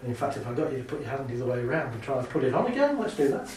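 A man giving a talk to a live audience, lively and chatty, laughing often and acting out little scenes. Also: mid-range voice, rapid-fire, recorded from a distance, slight background noise. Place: large hall with an audience. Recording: very echoey hall, speaker off mic.

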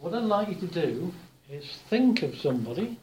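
Man, workshop speaker, mellow slightly high voice, anecdotal and humorous, roomy hall, faint background hum. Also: big pitch swings, moderate pace. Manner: chatty anecdotal, gently humorous. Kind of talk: talk to a live audience.

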